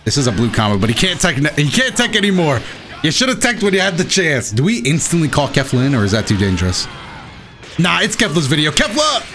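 Excitable young man commentating gameplay. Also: a little high, fast talker. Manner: excitable, self-mocking, shouts at big plays. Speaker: gaming YouTuber. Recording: game music playing behind. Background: game music.

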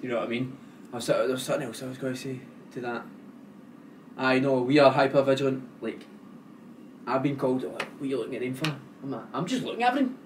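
A man's voice: medium pitch, fast talker, long pauses. Sweary Scottish man telling wild stories. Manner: animated storyteller, sweary, quotes himself a lot. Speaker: podcast co-host. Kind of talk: casual chat. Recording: distant mic with background noise.

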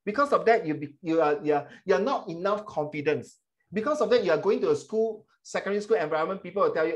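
Animated teacher, high voice. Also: male voice, fast, dull audio. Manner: animated, emphatic, mixes in Mandarin phrases. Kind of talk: class feedback session.

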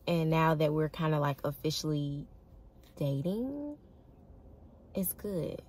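A woman's voice: deep voice, big pitch swings, takes it slowly, a little mellow, slight background noise. A young woman telling a dating story to her viewers in a casual, chatty way, often laughing and calling them y'all. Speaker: vlogger.

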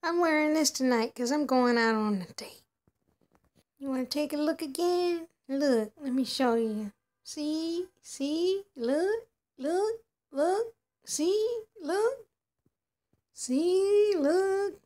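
A woman's voice: sits high, animated, takes it slowly, a little mellow. A woman voicing a showy young female doll heading out clubbing, talking in a playful, show-off way. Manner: playful, showing off, chatty. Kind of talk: doll play narration.

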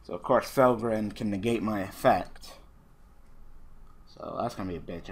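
Low-voiced man ranting over a card game. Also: normal speed, breathy edge. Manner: swears constantly, swings from muttering to ranting. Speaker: gaming channel host. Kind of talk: casual card game commentary.

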